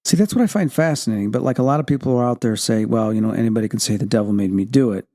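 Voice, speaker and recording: A man hosting a talk radio show, telling personal stories in an animated way and acting out quoted speech. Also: mid-range voice, racing. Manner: animated storyteller, acts out quotes. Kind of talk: interview and personal storytelling.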